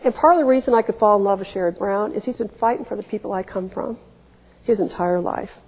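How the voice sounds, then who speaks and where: A woman in her forties from Ohio tells candid, wry stories at a public talk, speaking fast in a darkish mid-range voice. She punctuates them with emphatic quoted asides, and the lecture hall recording is reverberant.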